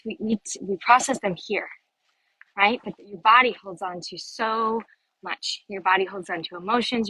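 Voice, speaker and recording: A woman's voice: medium pitch, dry recording, low-quality recording. A woman working as a success coach, giving an earnest motivational talk to camera and often ending her points with "right?". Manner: warm, calls listeners "sister".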